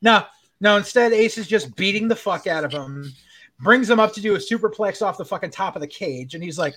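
A man's voice: sits high, fairly quick. A man co-hosting a podcast, recapping a show in casual chat, swearing a lot and acting out what characters said. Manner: animated, swears constantly, acts out quotes. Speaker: podcast co-host.

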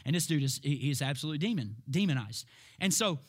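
A man preaching a sermon, emphatic and full of rhetorical questions, laughing at times and building up to shouted peaks. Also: a little high, animated, fast.

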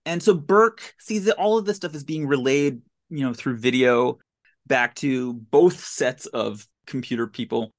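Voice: mid-range voice, unhurried. A podcast host giving a casual, comedic recap of a film, with incredulous, sarcastic commentary.

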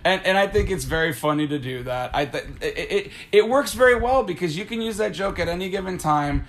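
A man's voice: high voice, expressive, fairly quick. A man chatting casually as a co-host, rambling with stammered restarts and frequent laughter. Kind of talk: casual chat.

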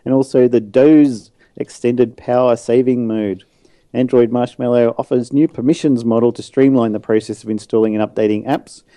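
A man's voice: mid-range voice, dark tone, no room sound. A man co-hosting a tech podcast, reading news plainly and adding dry quips. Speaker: podcast co-host.

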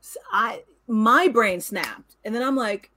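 A woman's voice: fairly high pitch, expressive, slow, pushed and bright. A woman co-hosting a podcast who talks frankly and with emphasis about friendship and honesty, in a casual chat. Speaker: podcast co-host.

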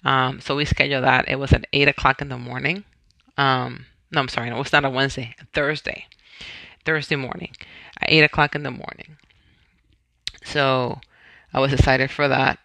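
A man's voice: medium pitch, flat delivery, moderate pace, vocal fry, pauses often, sharp tone, dry recording. A man from Puerto Rico, a podcast host, retelling his own health story in a conversational way and often correcting himself.

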